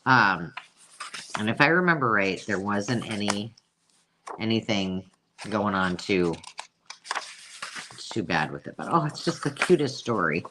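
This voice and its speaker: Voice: low-pitched, lively intonation, measured pace, pauses often, noisy background. A host chatting casually through a live sale, self-mocking and cooing over old pictures. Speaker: host selling vintage books.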